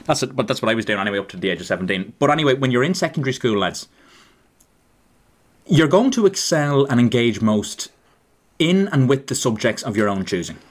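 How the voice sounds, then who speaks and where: A man's voice: mid-range voice, lively intonation, fairly quick. A young Irish man in his twenties co-hosting a podcast, chatting casually and joking, calling his listeners "lads". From Ireland. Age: 20s. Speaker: podcast co-host. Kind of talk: casual chat.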